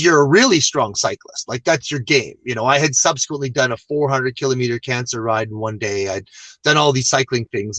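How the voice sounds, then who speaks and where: A man, a guest on an interview show, telling a long personal story in a casual, animated and self-deprecating way. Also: medium pitch, no room sound.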